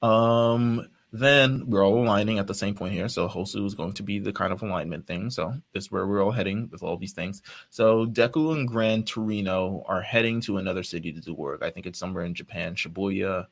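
A man's voice: fairly low pitch, a little fast, vocal fry, hardly any pauses. A man co-hosting a podcast, chatting casually, rambling, laughing often and swearing. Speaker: podcast co-host. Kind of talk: casual chat.

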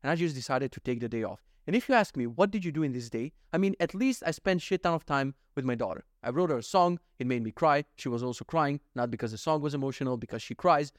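A man's voice: mid-range voice, animated, fast, hardly any pauses, no room sound, studio quality. A young man ranting casually in a daily vlog, swearing often and getting worked up with exasperation. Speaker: vlogger.

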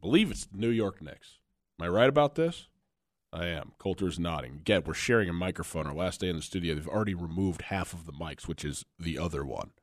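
A lower-voiced man hosting sports radio, rambling and joking at his own expense in a dry, close studio sound. He talks casually and folksy, drifting from trivia to shout-outs for local sponsors. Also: expressive, fairly quick, no room sound. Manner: rambling, self-deprecating, folksy. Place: radio studio, sharing one mic.

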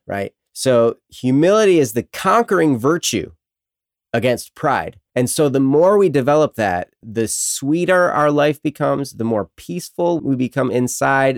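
A man's voice: mid-range voice, vocal fry, dry recording, studio quality. A man co-hosting a casual faith talk show, speaking reflectively and leaning on "you know" fillers. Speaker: co-host.

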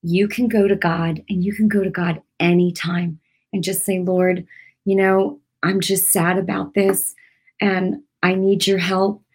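A woman's voice: mid-range voice, level tone, a little slow, husky. Casting note: middle-aged woman, earnest, chatty devotional teacher. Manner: earnest, conversational, repeats phrases with many fillers. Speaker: Christian teacher.

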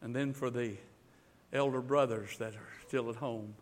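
A male pastor preaching a sermon, swinging between loud emphatic build-ups and hushed, intimate passages, often repeating words as he builds. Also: medium pitch, fairly even intonation, normal speed.

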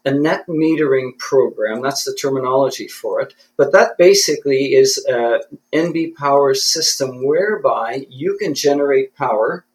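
A man's voice: medium pitch, moderate pace, low-quality recording. A man from Canada, a guest in an interview, talking in a thoughtful, self-deprecating way and often restarting his sentences. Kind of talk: conversational interview.

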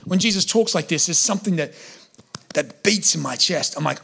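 A man's voice: a little high, lively intonation, normal speed, creaky, fairly bright tone, husky. A man preaching a sermon as a pastor, humorous and acting out the voices he quotes. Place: church hall with congregation.

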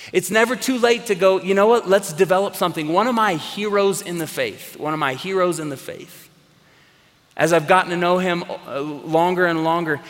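A man's voice: on the high side, a bit bright. A man preaching a sermon to a congregation, earnest and emphatic, repeating phrases for weight. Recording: long hall reverb.

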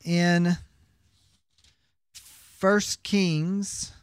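A man's voice: high voice, level tone, very slow, clear, resonant tone, no echo. A man teaching a biblical counseling class, reading scripture aloud and explaining it emphatically with rhetorical questions. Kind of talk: Bible teaching lecture.

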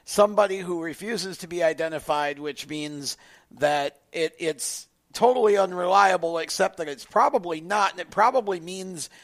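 A man co-hosting a sports radio show in a studio, giving slow, emphatic opinions. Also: sits high, fairly bright tone. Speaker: radio co-host.

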